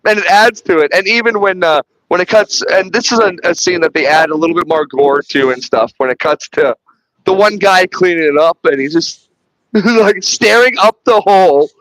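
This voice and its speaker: A man's voice: high-pitched, normal speed, fairly bright tone, no echo, rough recording. A man hosting a podcast, retelling film scenes in casual, rambling chat full of restarts and swearing. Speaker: podcast host reviewing a film.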